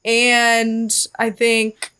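A young woman, a podcast guest, chatting casually, blunt and quick to swear and laugh. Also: fairly high pitch, completely flat delivery, crowd noise. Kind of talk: casual chat.

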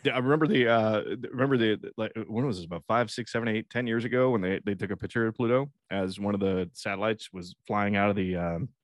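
A man co-hosting a casual chat, telling a story with lively voices and a lot of laughter. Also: fairly low pitch, fast, few pauses, no room sound.

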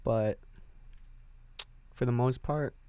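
A man's voice: medium pitch, takes it slowly, mellow, smooth, dry recording. A young man hosting a solo podcast from his home music setup, rambling in an offhand, profane way. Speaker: podcast host.

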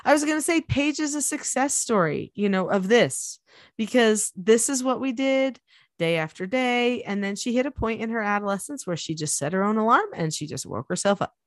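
A middle-aged woman hosting a parenting podcast, explaining steps in a steady, instructive way. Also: fairly high pitch, moderate pace, dry recording. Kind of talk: casual advice chat.

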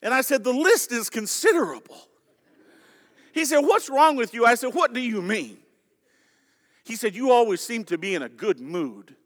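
Male pastor, high voice, emphatic sermon with questions to the congregation, recorded in a reverberant church hall. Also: very animated, moderate pace, pauses often, fairly bright tone. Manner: emphatic preaching with scripture quotes and direct questions to the congregation. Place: church sanctuary.

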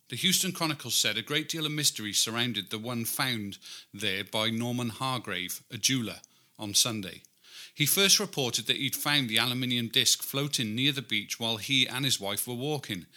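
A man's voice: mid-range voice, bright, forceful tone. A British man co-hosting a casual chat, reading old newspaper articles aloud in a wry, chatty way. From Britain. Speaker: podcast co-host.

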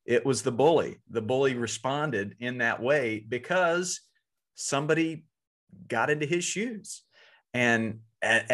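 A man's voice: mid-range voice, fairly bright tone. A man hosting a podcast and coaching youth baseball, talking earnestly and often repeating words as he goes. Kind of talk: casual podcast conversation.

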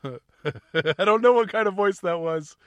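Bubbly high-voiced male podcast host. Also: measured pace, no room sound. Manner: bubbly, giggly, playfully over the top. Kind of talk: upbeat talk show chat.

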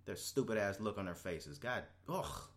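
A young man talks alone on his podcast in a low, relaxed voice, rambling and swearing freely. When he gets heated, his voice jumps up sharply. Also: normal speed. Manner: laid-back, profane and rambling, voice jumping up when worked up. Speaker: podcast host. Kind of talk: casual solo podcast monologue. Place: Houston, Texas.

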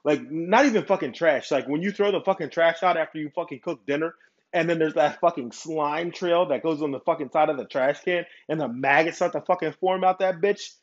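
A man's voice: on the high side, a little fast. Give me a heated, foul-mouthed young man hosting a football podcast on a muffled recording. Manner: profane, heated and worked up. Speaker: podcast host. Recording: dull lo-fi recording.

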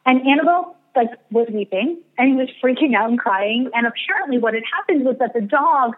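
Woman guest telling a rambling story, slightly high voice, phone-thin sound. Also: lively intonation, brisk. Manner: chatty, rambling, self-deprecating. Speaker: astrologer and psychic medium guest. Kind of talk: casual storytelling interview. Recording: tinny phone-like radio line.

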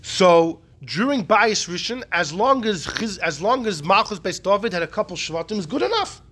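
A man teaching a Talmudic class, animated and repeating his key points. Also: high voice, normal speed. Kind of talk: Talmudic lecture.

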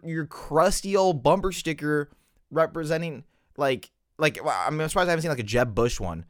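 A man's voice: on the high side, normal speed, no room sound, clean studio sound. Rambling young man ranting on a podcast. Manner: rambling, animated, filler-heavy. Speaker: podcast host. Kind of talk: casual solo podcast rant.

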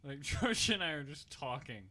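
A man's voice: a little high, moderate pace. A young man telling a story in casual chat, playful and acting out what people said. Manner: playful, animated storytelling with acted-out quotes.

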